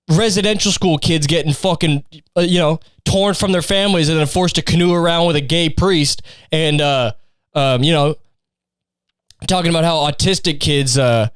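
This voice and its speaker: Young male podcast host, crude and rambling, slightly high voice. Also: fairly bright tone, clear, resonant tone, dry recording, studio quality. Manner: crude, rambling, heavy profanity. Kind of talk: casual solo podcast rant.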